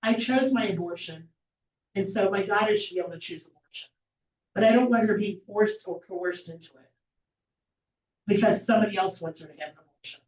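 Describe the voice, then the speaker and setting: A woman's voice: mid-range voice, a little fast, darkish tone, lightly acted. A woman voicing a pro-choice mother who speaks earnestly about protecting her daughter. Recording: echoey room from far off, dull lo-fi.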